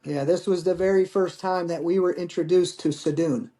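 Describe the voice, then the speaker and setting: His voice is high-pitched with fairly even intonation and a warm tone, delivered at a moderate pace. A Marine veteran in his 40s and guest on a podcast, he rambles through candid stories, cursing casually along the way.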